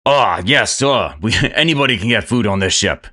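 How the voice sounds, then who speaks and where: A man's voice: fairly low pitch, lively intonation, brisk, fairly bright tone. A man voicing a male ship's chef who keeps slipping in and out of a badly faked fancy accent. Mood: pompous. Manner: badly put-on posh accent, slipping, flustered.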